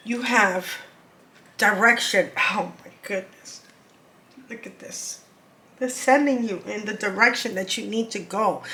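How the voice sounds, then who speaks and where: A woman's voice: medium pitch, a bit bright, slight background noise, low-quality recording. A woman giving an intuitive card reading to her viewers. She talks earnestly, repeats words and urges her listeners on. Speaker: spiritual card reader.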